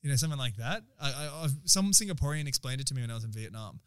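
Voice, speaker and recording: A young man with an Australian accent telling animated stories and swearing casually in podcast banter. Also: medium pitch, racing, clean tone, dry recording, clean studio sound.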